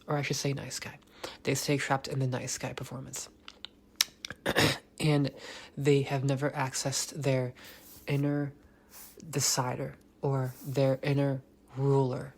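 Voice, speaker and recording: A man hosts a motivational podcast alone in a medium-pitched, creaky, husky voice. He talks intensely, repeats key lines, swears, and sometimes drops nearly to a whisper.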